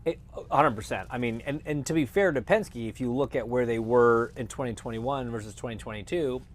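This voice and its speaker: A man in his thirties, a former race driver turned analyst, telling stories in a lively, casual interview chat. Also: medium pitch, a little fast. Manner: animated storyteller who acts out quotes.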